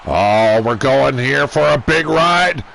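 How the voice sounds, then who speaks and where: A man's voice: mid-range voice, expressive, slow, gravelly, a bit bright. A man giving casual, profane play-by-play commentary on a wrestling video game, joking and irreverent. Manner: crude, irreverent, joking banter.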